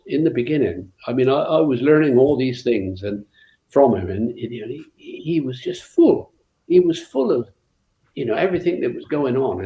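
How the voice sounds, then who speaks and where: A man's voice: mid-range voice, creaky. Older West Country man telling rally stories. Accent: West Country English. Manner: rambling, full of fillers and restarts. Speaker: guest, former rally co-driver. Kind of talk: anecdotal interview storytelling. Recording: roomy, dull lo-fi sound.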